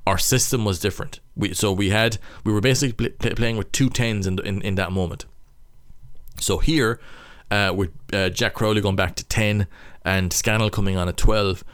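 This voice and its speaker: A man's voice: fairly low pitch, steady tone, moderate pace, a bit bright, clean tone, no echo, clean studio sound. A young Irish man, a rugby player, casually breaking down match footage, thinking aloud in stop-start phrases.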